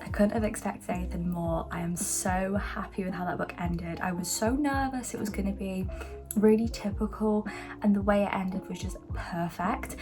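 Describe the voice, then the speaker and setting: A woman's voice: medium pitch, normal speed. A young woman chatting casually and gushing about a book she is reading, with lots of fillers. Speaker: book vlogger. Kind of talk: casual book review vlog. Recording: soft background music.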